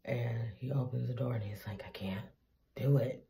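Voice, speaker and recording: Worn-out woman vlogger with a heavy fry and a mellow tone, frank and salty in her retelling. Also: very deep voice, moderate pace. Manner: candid, profane, animated retelling. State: tired, teary. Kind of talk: casual storytelling vlog.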